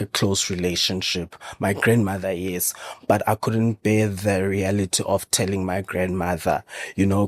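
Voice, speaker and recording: A man speaks in a deep, even monotone, telling his story slowly and haltingly with many pauses. The sound is dry and close, with no room around it. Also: no echo. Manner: halting, measured storytelling with frequent pauses and fillers. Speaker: podcast guest. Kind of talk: personal testimony in an interview.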